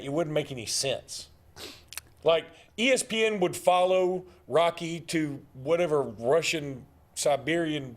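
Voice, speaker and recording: A man co-hosting a casual sports talk radio show, arguing his picks and joking with the host. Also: a little high.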